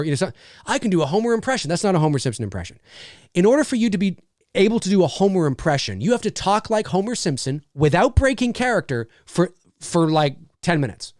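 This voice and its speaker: Male livestream host, animated and rambling, lively pitch, close and dry. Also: dry recording. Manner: animated, rambling, with many restarts and fillers. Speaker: host and voice actor. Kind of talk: casual livestream chat.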